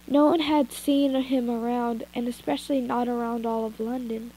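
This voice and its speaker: A slightly high female voice, steady and dark in tone, reads fanfiction at normal speed over rough phone audio. She's an amateur reader who keeps breaking off for asides and second takes.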